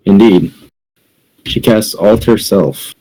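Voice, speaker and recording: A man acting as game master, briskly calling rules and prompting the players. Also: fairly low pitch, warm tone, rough recording. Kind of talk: running a tabletop game.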